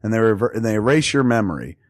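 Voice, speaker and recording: A man's voice: lowish voice, animated, fast, dry recording, studio quality. A man hosting a podcast, riffing through a crude comic story in a rambling, profane way. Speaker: podcast host. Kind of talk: casual comedic podcast chat.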